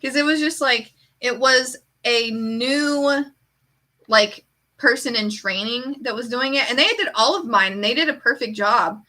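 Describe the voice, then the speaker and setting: A woman streamer in casual chat, an animated storyteller who fills her talk with "like". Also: on the high side, unhurried. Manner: chatty, heavy use of "like".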